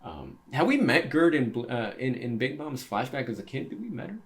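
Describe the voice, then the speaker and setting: A man hosting a manga reading reaction, excitable and peppering his talk with "dude". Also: mid-range voice, brisk. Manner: excitable, keeps saying dude. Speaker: reaction channel host.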